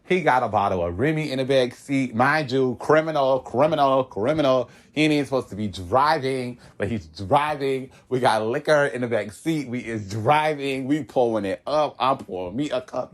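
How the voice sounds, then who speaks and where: A young man from Florida telling a long story in casual chat, animated, laughing often, with sudden high-pitched outbursts and slang-heavy speech. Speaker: podcast guest telling a story.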